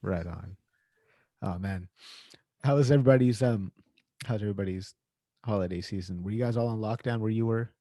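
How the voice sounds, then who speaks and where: A man's voice: lowish voice, a little fast, pauses often, warm tone, dry recording. Laid-back man hosting a video call. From Canada. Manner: laid-back, says "man" often, fillers. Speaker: host. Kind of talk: casual video-call chat.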